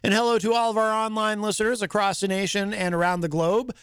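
Talk radio host, male, high-pitched, wry and chatty, stumbles over his phrasing. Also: flat delivery, fast talker, fairly bright tone, clean tone, dry recording.

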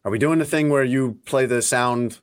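A man's voice: mid-range voice, moderate pace, clean tone. A man hosting a podcast, chatting casually and teasing his co-hosts as he rambles through stories. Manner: animated, teasing, rambling storyteller. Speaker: podcast host. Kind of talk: casual banter.

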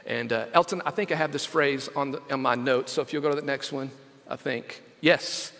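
A male senior pastor preaching a sermon, stressing scripture slowly and calling out to the congregation. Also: medium pitch, fairly even intonation, vocal fry, a bit bright, long reverb tail. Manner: emphatic, slows down to stress scripture; engages congregation with call-outs.

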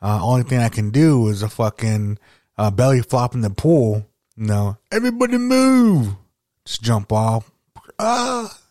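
A man's voice: on the low side, steady tone, moderate pace, mellow, no room sound, clean studio sound. A man hosting a podcast, chatting casually and nostalgically, rambling with lots of fillers and swearing. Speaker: podcast host.

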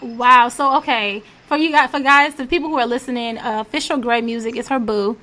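Her voice is on the high side, bright and forceful, and she talks a little fast. She's a podcast host laughing often as she chats enthusiastically with a guest in a relaxed interview.

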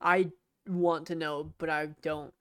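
A woman co-hosting a podcast, chatting casually in a fairly low voice. She is crude and self-mocking and laughs often. The sound is dry and close. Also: little pitch movement, takes it slowly, smooth, no echo. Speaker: podcast co-host. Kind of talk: casual chat.

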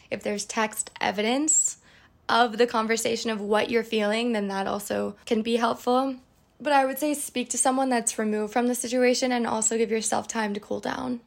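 A woman's voice: a little high, creaky. A young woman hosting a podcast, answering listener questions in a chatty, candid way with playful asides. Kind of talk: casual advice chat.

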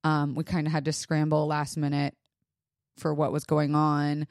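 Young woman podcast host, low voice, unhurried, halting and close to crying, dry close sound. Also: monotone, a little mellow, no echo. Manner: halting, emotional, near tears, many pauses and fillers. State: holding back tears. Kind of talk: personal monologue.

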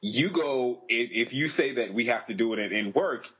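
A man's voice: medium pitch, normal speed, a bit bright, husky. A man co-hosting a podcast, talking casually and earnestly, often restarting his sentences. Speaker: podcast co-host. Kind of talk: casual discussion. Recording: dull lo-fi podcast audio.

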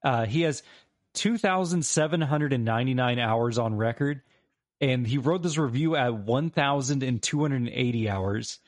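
A man co-hosting a casual gaming podcast, laughing often and talking fast. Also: mid-range voice, no room sound, clean studio sound. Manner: laughing, quick, reads reviews aloud. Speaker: podcast co-host.

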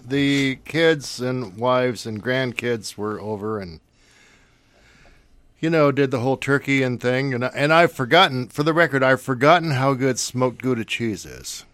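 An older man with grandchildren, chatting about his holiday on a podcast in a relaxed, wry way. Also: medium pitch, unhurried, dry recording. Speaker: podcast co-host. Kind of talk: casual chat.

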